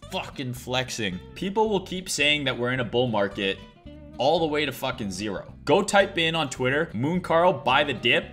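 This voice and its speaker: A brash male livestream host with a bright, forceful voice, cursing freely through crude jokes about the crypto charts. He's sipping cider as he talks, over faint music. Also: medium pitch. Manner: brash, crude, swearing and self-mocking. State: drinking cider, burping. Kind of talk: profane, joking livestream chart commentary.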